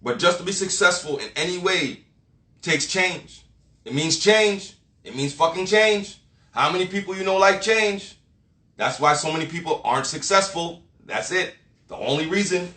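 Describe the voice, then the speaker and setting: A man's voice: on the high side, bright, forceful tone. A man delivering a blunt motivational rant full of swearing and street slang, lecturing the listener directly. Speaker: motivational vlogger. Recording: echoey room.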